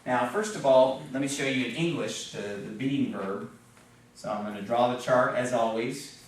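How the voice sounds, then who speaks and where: A man's voice: medium pitch, moderate pace. A man teaching a Spanish class in a classroom, patiently explaining grammar and checking in with "okay?" and "right?" as he goes. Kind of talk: classroom lesson at a whiteboard. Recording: very echoey room, voice from far off.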